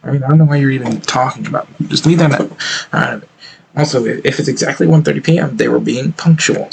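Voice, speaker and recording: A man's voice: medium pitch, fast talker, creaky, a little hiss or hum, low-quality recording. A man streaming his reactions to videos, ranting bluntly and with plenty of swearing. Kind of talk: reaction commentary.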